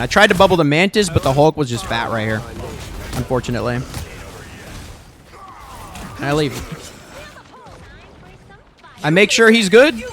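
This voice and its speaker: A man's voice: fairly high pitch, fairly bright tone. A young man reviewing his own gameplay footage, insistent and emphatic, repeating himself and swearing freely. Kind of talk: gameplay video review commentary.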